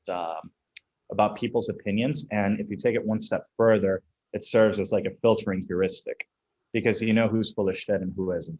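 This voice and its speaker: Brief: young male founder from Venezuela, low-pitched, frank conversational guest. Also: darkish tone, highs cut off. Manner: casual, candid, laughs through anecdotes. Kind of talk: conversational interview.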